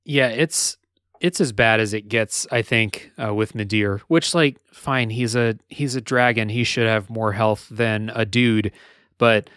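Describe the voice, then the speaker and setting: A man's voice: mid-range voice, a bit bright, no room sound, studio quality. Man rambling through a gaming chat. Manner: rambling, frequent "like" fillers and restarts. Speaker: podcast co-host. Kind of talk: casual gaming podcast chat.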